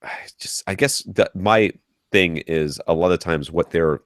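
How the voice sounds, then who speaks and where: A man's voice: deep voice, measured pace, dry recording, clean studio sound. A man co-hosting a podcast, explaining listener advice at length in a chatty way with restarts. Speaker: podcast co-host. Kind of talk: casual advice chat. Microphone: podcast mic.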